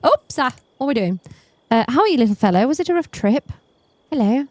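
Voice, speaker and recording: A woman's voice: sits high, sing-song, brisk, a little mellow, dry recording. A woman playing a murder mystery game as a streamer, chatting casually with a self-deprecating humor. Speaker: let's play streamer.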